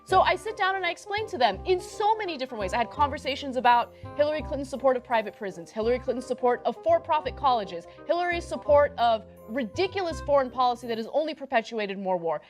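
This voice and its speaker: A woman's voice: high voice, lively intonation, fast talker, hardly any pauses, faint music behind. A woman co-hosting a political show, ranting emphatically and swearing. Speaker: co-host. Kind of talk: political commentary rant.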